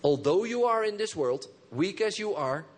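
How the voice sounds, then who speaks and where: High-voiced man preaching with call and response. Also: expressive, moderate pace. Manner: engages the congregation with call and response; emphatic, swings between soft low phrases and high bursts. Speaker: pastor. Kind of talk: sermon.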